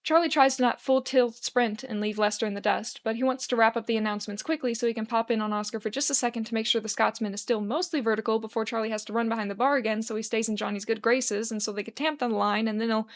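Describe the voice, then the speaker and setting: A woman reading a fanfiction aloud as its narrator, with lively storytelling delivery. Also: on the high side, fast talker, hardly any pauses. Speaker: fanfiction reader.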